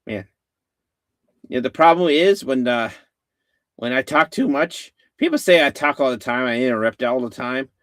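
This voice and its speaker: A man's voice: mid-range voice, animated, moderate pace, long pauses, fairly bright tone, no room sound, studio quality. A man hosting a casual live-stream chat, rambling with many fillers and restarts. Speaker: host.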